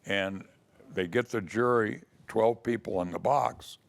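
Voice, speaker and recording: A man's voice: on the low side, unhurried, creaky. An older man recalling his early years as a lawyer in a casual, storytelling way. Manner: storytelling, acts out quoted voices. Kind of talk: casual spoken memoir.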